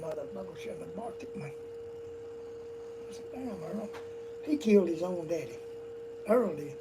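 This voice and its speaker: A man's voice: a little high, animated, moderate pace. Older man, profane rambling yarns. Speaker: storyteller guest. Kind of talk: casual storytelling. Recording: distant mic, noisy room.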